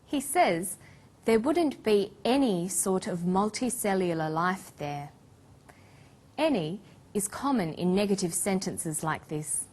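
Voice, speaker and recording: An English teacher narrates a lesson in a slow, measured, mid-height voice that is expressive and darkish in tone. Her scripted delivery is carefully clear and paced so learners can follow.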